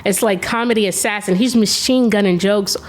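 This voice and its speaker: A woman's voice: mid-range voice, fairly quick, slight background noise. A woman hosting a casual chat show, encouraging her guest and affirming him often. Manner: encouraging, lots of affirming mm-hmms. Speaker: podcast host.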